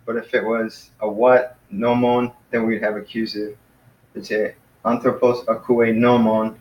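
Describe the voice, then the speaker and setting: A man teaching a small Greek class in a casual way, explaining step by step and patiently, with many pauses and fillers. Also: lowish voice, dull audio. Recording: echoey room.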